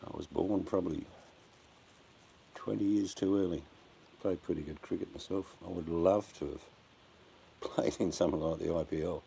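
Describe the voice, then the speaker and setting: A man's voice: low-pitched, steady tone, moderate pace, vocal fry, pauses often, dark tone. An older Australian man chatting casually on a live stream, blunt and joking, addressing his viewers by name. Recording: faint background noise.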